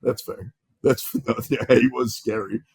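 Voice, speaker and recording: A man hosting a sports podcast, moving briskly from topic to topic. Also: mid-range voice, fairly even intonation, vocal fry, darkish tone, slightly rough, no echo. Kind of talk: casual sports talk.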